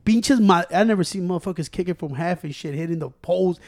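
A man's voice: high voice, quick pace, a little mellow. A man in casual chat, swearing freely and mixing Spanish into his English. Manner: profane, mixes Spanish and English.

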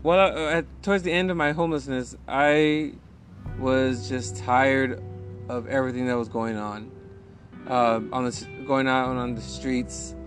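A man speaking candidly as a podcast guest, halting and restarting often as he tells a personal story. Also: medium pitch, steady tone, faint music behind. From California. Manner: halting, with many restarts and pauses. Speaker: guest sharing recovery story. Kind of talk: candid conversational interview.

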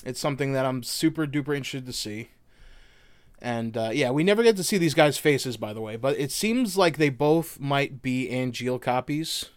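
A man's voice: mid-range voice, lively intonation, normal speed, no room sound. Man, podcast co-host, casual game talk, resonant voice, dead dry room. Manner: loose and chatty, swears casually.

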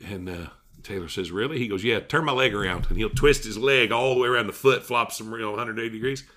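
A man's voice: lowish voice, quick pace, sharp tone. A man hosting a podcast, telling stories and jokes in casual chat. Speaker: podcast host.

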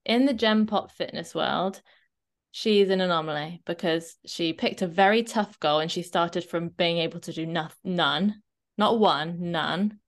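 A woman fitness coach co-hosting a podcast, chatting casually and often checking in with a quick "right?". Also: on the low side. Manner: chatty, animated, often tags a questioning "right?".

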